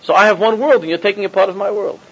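A man's voice: high voice, racing, fairly bright tone, breathy edge. A man teaching an informal Torah class as a rabbi, mixing in Hebrew and Yiddish terms, often repeating himself and chuckling. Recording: dull lo-fi recording.

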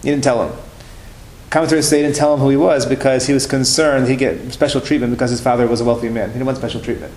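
A man's voice: medium pitch, steady tone, fast, darkish tone. A man telling religious stories in a class, in a conversational way that repeats and restarts phrases. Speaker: religious teacher. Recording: roomy room with faint noise.

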